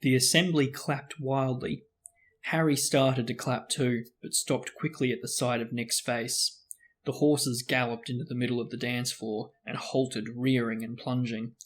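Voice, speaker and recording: A man reading a novel aloud as narrator, in steady storytelling narration. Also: medium pitch, measured pace. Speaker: book reader.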